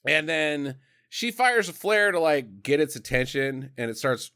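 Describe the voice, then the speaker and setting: A man's voice: medium pitch, slow, smooth. A man co-hosting a podcast, riffing on a bad movie in a casual, profane, joking way and acting out scenes in silly voices. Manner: animated, profane, acts out scenes in silly voices, laughs often. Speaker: podcast co-host reviewing a movie.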